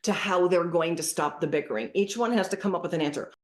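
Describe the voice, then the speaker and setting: A middle-aged woman giving parenting advice as a podcast guest, lively and acting out what to say to kids. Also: on the low side, fast. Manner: animated, acts out dialogue with kids as examples. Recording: roomy echoey room.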